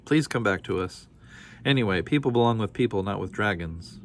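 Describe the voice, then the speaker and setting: A man's voice: lowish voice, animated, fairly quick. A man reading a storybook aloud, voicing a bossy, petulant king who snaps and cries out. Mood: pleading. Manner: snapping, crying out.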